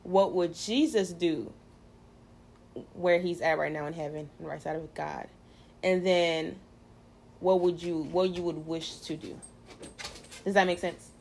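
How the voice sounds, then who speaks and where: A woman host in a relaxed faith conversation, playful and chatty, her words full of "um"s. Her voice sits low with a gravelly edge. A faint hiss runs underneath. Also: measured pace, long pauses. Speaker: podcast host. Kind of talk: casual faith chat.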